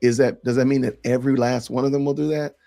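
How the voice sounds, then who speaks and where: A man's voice: medium pitch, fairly even intonation, fast, vocal fry, warm tone, soft background music. A man hosting a podcast, reading out comments and answering them in an emphatic, sarcastic way. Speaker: podcast host.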